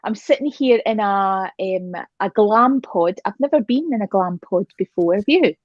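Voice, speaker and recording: A woman's voice: medium pitch, animated, normal speed, dry recording. A woman with a Scottish accent hosting a talk show, chatting casually and laughing often, recorded on her phone in a small pod. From Scotland. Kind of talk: casual chat. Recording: dull lo-fi phone audio.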